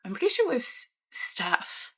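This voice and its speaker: Bright-voiced chatty young woman vlogger. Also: fairly high pitch, unhurried. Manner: chatty and animated, laughs often, trails off mid-sentence. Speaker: book vlogger. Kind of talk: casual reading wrap-up chat.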